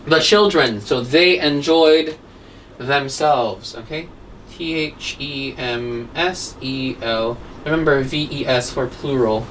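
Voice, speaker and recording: Slow, patient woman teaching grammar. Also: extremely low pitch. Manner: patient, explaining step by step, asks rhetorical questions. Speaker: English teacher. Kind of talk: online grammar lesson. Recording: distant mic with faint background noise.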